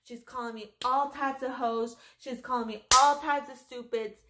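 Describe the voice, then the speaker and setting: A young woman vlogger telling a story in a casual, animated way, swearing often and full of fillers. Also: on the high side, normal speed, very noisy.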